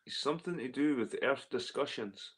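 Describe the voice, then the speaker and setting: Scottish guy rambling on a stream, swears a lot, repeats himself, average pitch. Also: normal speed, fairly bright tone, husky. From Scotland. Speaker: livestream host reading chat. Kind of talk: casual livestream chat.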